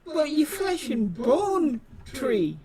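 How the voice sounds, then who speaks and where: Casting: man doing a high, bouncy, fretful adventurer, game voice, crowd noise behind. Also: very animated, very slow, mellow, exaggerated voice. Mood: cheery. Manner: rambling, emotional, tea-loving banter. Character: fussy caring male adventurer, chatty and excitable.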